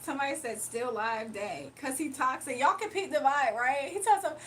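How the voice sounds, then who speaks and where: A woman hosts a loose, casual live stream, reading viewer comments aloud between frequent laughs. Her voice sits high. A faint hiss stays under it. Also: expressive, quick pace, fairly bright tone. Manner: laughs often, reads chat aloud. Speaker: livestream host.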